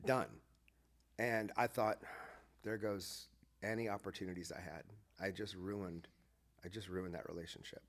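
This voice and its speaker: A man's voice: deep voice, unhurried. A man, a former pastor, telling a story in a casual podcast conversation and acting out the lines of the people in it. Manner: animated, acts out quoted dialogue.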